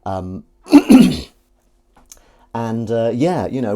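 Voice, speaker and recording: A man's voice: lively intonation, moderate pace, a little mellow. A man hosting a casual live stream, rambling and self-mocking, chatting as he goes. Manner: rambling, self-mocking and chatty, slipping into a high sing-song voice to coax his cat. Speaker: host. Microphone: fixed streaming mic.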